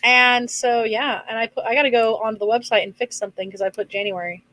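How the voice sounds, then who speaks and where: A woman co-hosting a casual live-streamed podcast, briskly giving schedules and plugs. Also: on the high side, steady tone, fairly bright tone, rough recording. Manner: brisk, gives announcements and plugs. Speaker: podcast co-host.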